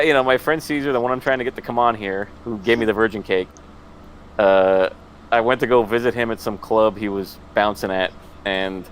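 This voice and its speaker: A man's voice: medium pitch, a little hiss or hum. A man telling stories in a rambling, self-mocking way in casual podcast chat, often laughing.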